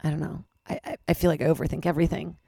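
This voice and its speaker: Low, gravelly-voiced woman rambling candidly. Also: flat delivery, rapid-fire, dark tone, no echo, clean studio sound. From Los Angeles-based. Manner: rambling, self-deprecating, swears casually. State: slightly lost voice. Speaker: podcast host. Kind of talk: candid personal monologue.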